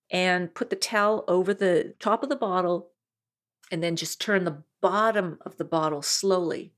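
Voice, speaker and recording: A woman hosting a wine podcast in a chatty, enthusiastic solo monologue, laughing often. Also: mid-range voice.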